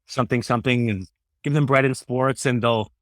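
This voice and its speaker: A man's voice: mid-range voice, steady tone, a little fast, dry recording. Middle-aged man, ex-radio host, loose earnest guest talk, dry close mic. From Canada. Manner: earnest, rambling, says "man" and "you know" often. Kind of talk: candid interview conversation.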